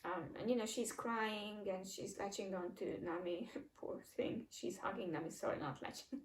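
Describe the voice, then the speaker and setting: A woman's voice: mid-range voice, moderate pace, reverberant, far from the mic, poor audio. A woman reading a manga chapter aloud and chatting casually about what happens, voicing the dialogue with mild changes of voice. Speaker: manga reaction reader.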